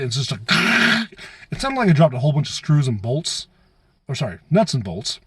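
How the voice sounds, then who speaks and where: A man vlogging, telling a casual story with lots of swearing and self-mockery. His voice sits at a middling pitch. It was recorded dry and close, with no room sound. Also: dry recording. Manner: profane, animated, self-deprecating storytelling.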